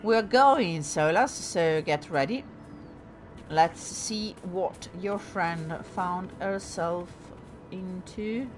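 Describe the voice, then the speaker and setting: A woman's voice: lowish voice, very slow, faint music behind. A woman hosting a let's play, chatting through her gameplay in a self-mocking way and talking to the game characters. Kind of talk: casual gameplay commentary.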